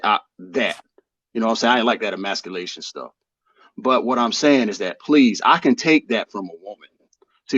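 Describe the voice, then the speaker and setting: A man's voice: lowish voice, no echo, muffled recording. A man speaking on a livestream panel, conciliatory and preachy, drawing out his phrases.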